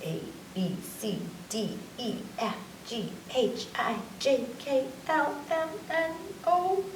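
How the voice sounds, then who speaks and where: A woman reading an alphabet book aloud at children's story time, teacherly and lively, drawing out each letter sound. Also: high voice, slow. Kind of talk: slow, sing-song children's story time. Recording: echoey room, mic at a distance, faint background hum.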